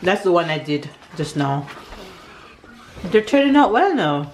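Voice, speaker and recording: A young woman chatting away through a home cooking vlog, her voice lively and bouncing up and down in pitch. She giggles easily and hums little tunes as she cooks. The kitchen sounds echoey, with a faint hiss behind her. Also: a little slow, pauses often. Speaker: vlogger.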